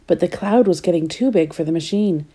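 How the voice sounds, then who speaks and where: A woman's voice: fairly low pitch, brisk, mellow. A woman reading a children's storybook aloud in a playful way, asking the listener questions.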